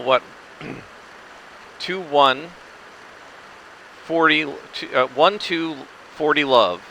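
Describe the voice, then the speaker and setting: A man giving casual commentary over his own tennis game, explaining the rules at length and rambling with restarts and throat clearing. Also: medium pitch, bright, forceful tone, slight background noise. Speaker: gameplay commentator. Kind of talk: casual let's-play commentary.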